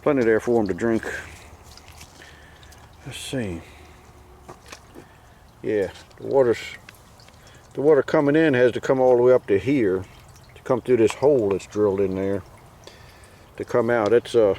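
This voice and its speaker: A man's voice: mid-range voice, unhurried, long pauses, dark tone. Farmer guy rambling out in the pasture, dry jokes, handheld cam, faint outdoor hiss. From Southern Maryland, United States. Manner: folksy, rambling, wry humor. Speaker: farmer vlogger. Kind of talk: casual walk-and-talk narration.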